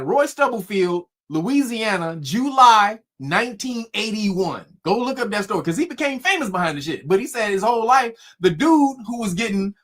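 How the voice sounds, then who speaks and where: A man casually telling a spooky story, cursing freely and laughing often. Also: very high-pitched. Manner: profane, laughing often, animated.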